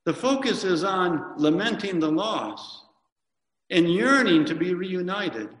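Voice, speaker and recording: A man, a priest, giving a reflective sermon, pausing often and correcting himself as he reads hymns aloud. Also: sits high, big pitch swings, a bit bright. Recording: echoey church hall from a distance.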